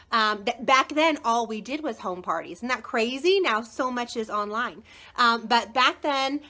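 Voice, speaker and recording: Woman, 30s, live-video book seller. High, very animated, gushing, chats with viewers by name. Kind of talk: chatty live product showcase.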